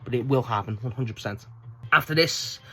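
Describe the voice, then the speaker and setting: A young man giving a casual, rambling spoken review of a wrestling show, excitable and swearing often. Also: medium pitch, brisk.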